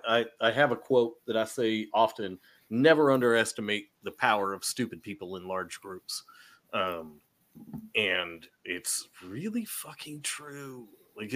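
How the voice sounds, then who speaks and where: A man's voice: lowish voice, a bit bright. A man appearing as a podcast guest, talking bluntly and emphatically, with plenty of swearing. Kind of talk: casual podcast chat.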